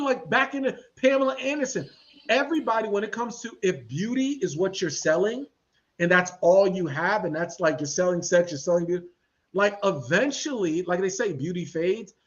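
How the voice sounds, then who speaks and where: A man hosting a podcast, talking in a casual, animated and slangy way and acting out the people he quotes. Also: sits high, dull audio. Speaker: podcast host. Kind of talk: casual commentary chat.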